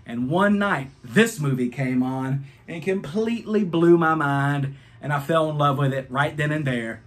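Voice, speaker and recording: A man in his thirties reviewing albums, telling a rambling, profane story in a casual vlog. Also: a little high.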